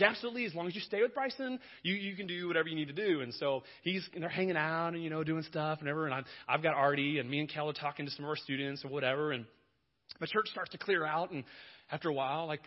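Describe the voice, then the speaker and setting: A young man, a youth pastor, telling a funny story in a sermon, acting out dialogue with self-deprecating humor. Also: fairly high pitch. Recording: muffled lo-fi recording.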